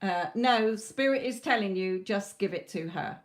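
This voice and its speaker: A British woman gives a live psychic tarot reading, addressing a viewer directly in a medium-pitched voice at normal speed. Her advice is blunt yet motherly, punctuated again and again by "okay?"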